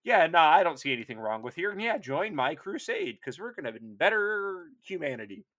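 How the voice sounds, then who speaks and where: A man's voice: on the high side, very animated, brisk, fairly bright tone, voice pushed up. A man putting on a smug scheming emperor in a mocking, offhand way during casual chat.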